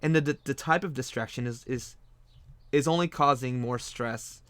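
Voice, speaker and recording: A man's voice: medium pitch, normal speed, a bit bright, smooth, dry recording. Rambling man chatting while drawing, dry sound. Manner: rambling, repeats phrases, frequent restarts. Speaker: streaming artist host. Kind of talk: casual livestream chat while drawing.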